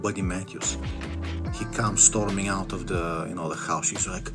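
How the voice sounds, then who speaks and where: A man's voice: low voice, steady tone, normal speed. A man telling a comic story in a rambling, mumbled, casual way, with music behind. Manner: rambling, mumbled, full of fillers.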